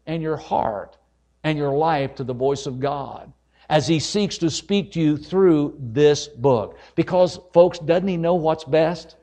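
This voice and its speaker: A man with a somewhat high, dark-toned voice speaks slowly as he preaches an evangelist's sermon at a church service. He is fervent and folksy, often addressing his listeners as folks and climbing to emphatic peaks.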